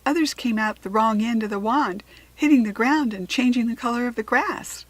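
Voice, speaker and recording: An American woman reading a children's storybook aloud in a gentle, expressive way. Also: a little high, moderate pace, no room sound, poor audio. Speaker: children's book reader.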